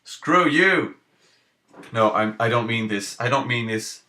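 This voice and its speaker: A man streaming live, thinking aloud over card game picks with halting restarts and playful self-mocking jokes. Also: lowish voice, monotone, bright, forceful tone.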